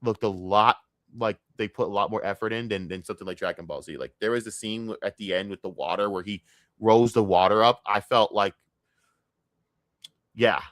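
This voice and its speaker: A man ranting in a casual, profane stream rant, jumping from loud outbursts to low grumbling. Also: normal speed, no echo, studio quality. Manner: profane, excitable, swings between loud outbursts and mutters.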